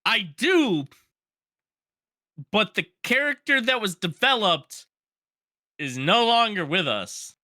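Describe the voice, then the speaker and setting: Podcast co-host, male, very bright voice, dry close sound, animated storyteller. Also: sits high, slow, pauses often, no echo. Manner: animated storyteller, acts out his own reactions; laughs often. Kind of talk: casual chat.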